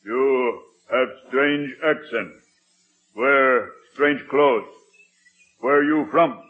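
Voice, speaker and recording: An actor in an old radio sitcom playing a grown man as an Indian chief who talks in slow, clipped, broken phrases. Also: mid-range voice. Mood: stern. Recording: tinny narrow-band old radio.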